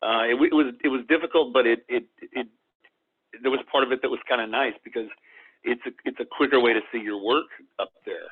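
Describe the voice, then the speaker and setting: A man's voice: medium pitch, a little fast, slightly rough. A man who works in animation, answering interview questions with hesitant ums and easy chuckles. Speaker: animation director, guest. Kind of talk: casual interview. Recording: tinny phone-line sound.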